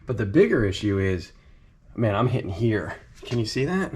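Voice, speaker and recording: A young man in a casual garage vlog, talking with laid-back slang and excitement while he works on his car. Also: lowish voice, moderate pace, a little hiss or hum. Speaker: car modding vlogger.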